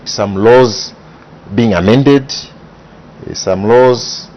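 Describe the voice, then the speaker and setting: A man, explaining parliament procedure in measured, methodical interview answers. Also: medium pitch. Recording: dull broadcast audio with faint hiss.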